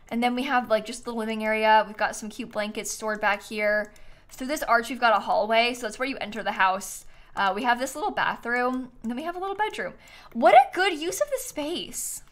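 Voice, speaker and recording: A woman's voice: a little high, fairly quick, a bit bright. A woman streaming a game, gushing and giggling in casual live commentary.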